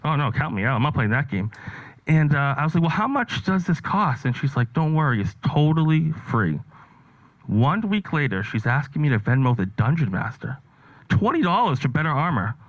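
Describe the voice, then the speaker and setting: Man, stand-up comedian, rambling offhand delivery, animated pitch, dry dull lo-fi sound. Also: moderate pace, no room sound. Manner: rambling, offhand storytelling with lots of fillers. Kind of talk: stand-up set.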